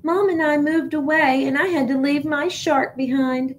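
A woman's voice: high voice, fairly even intonation, moderate pace, slight background noise, pitched above the performer's own voice, natural voice. A woman reading aloud, voicing a small, shy young female remora fish who speaks tearfully in a storybook.

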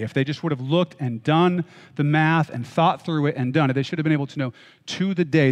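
Male pastor, slightly higher voice, preaching in a chatty, joking way; echoing hall. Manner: conversational, joking asides, checks in with listeners. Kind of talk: sermon. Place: church hall.

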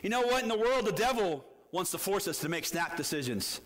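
A male pastor with a high, bright, forceful voice delivers a sermon. He retells a story with animation and keeps turning to the congregation with questions. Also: lively intonation, a little fast.

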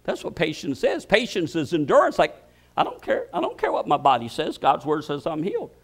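An older man preaching a sermon. He speaks with emphatic bursts that drop to low intensity, and he repeats words as he starts his sentences. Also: wildly swooping pitch, brisk. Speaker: pastor.

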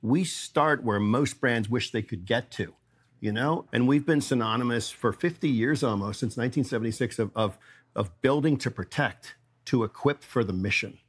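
A man who runs a company, talking as a podcast guest in a lively, storytelling way. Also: mid-range voice, moderate pace, slightly rough. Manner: energetic storyteller, acts out quoted dialogue. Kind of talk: casual interview storytelling.

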